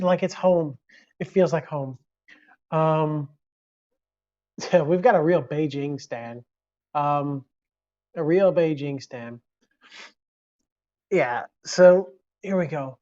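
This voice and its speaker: A man's voice: fairly high pitch, takes it slowly, pauses often, darkish tone. Rambling American man on a lo-fi stream. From United States. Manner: rambling, talkative, reacts to viewer comments. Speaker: live streamer. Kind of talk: casual live-stream chat.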